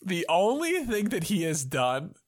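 A man's voice: high voice, huge pitch swings, unhurried. A man acting as game master on a podcast, narrating a casual improvised story with a loose, playful delivery. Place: podcast studio.

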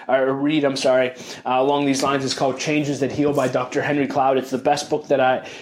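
An earnest man talks through personal lessons on his podcast in a plain monologue. His voice sits at a medium pitch. He speaks reflectively and openly, often restarting sentences and repeating the phrases that matter to him. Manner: openly emotional, calls himself sensitive. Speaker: podcast host.

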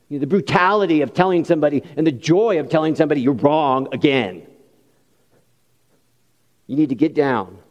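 A man's voice: a little high, darkish tone, highs cut off. A man preaching a sermon as a pastor, impassioned and rising to emphatic peaks, with folksy personal asides. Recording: long hall reverb.

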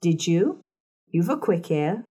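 A woman's voice: fairly low pitch, big pitch swings, slow, mellow, husky, heavily acted. A woman reading as a blunt young governess. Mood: cool. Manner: curt, unimpressed.

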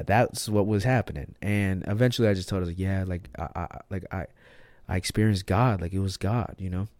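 A young man telling his personal testimony in a casual, slangy way, swinging from hushed to loud and emphatic. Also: fairly low pitch, dry recording, clean studio sound. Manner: slangy and emphatic, says "bro" and "like" a lot. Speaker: podcast host sharing his testimony.

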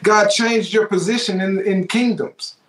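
A man's voice: sits high, fairly even intonation, measured pace, a bit bright, roomy sound. A man preaching a sermon, fervent and exclaiming, repeating his phrases for emphasis.

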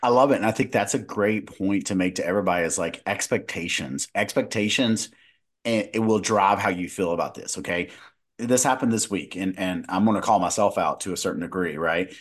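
A man's voice: deep voice, fairly quick. A man in his thirties, a podcast co-host and dietitian, chatting casually and telling a story with many restarts. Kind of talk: casual conversational chat.

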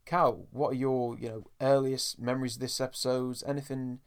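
A man hosts a podcast in casual chat. His voice sits at an ordinary middle pitch. He talks in a loose, chatty way and calls his listeners folks. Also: flat delivery, moderate pace, clear, resonant tone. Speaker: podcast host.

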